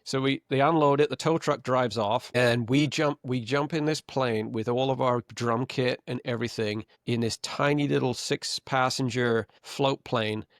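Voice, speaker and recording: A man's voice: medium pitch, steady tone, moderate pace, few pauses, no room sound, clean studio sound. A man hosting a podcast, telling a long road-trip story in a rambling, self-correcting way. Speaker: podcast host. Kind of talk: casual chat.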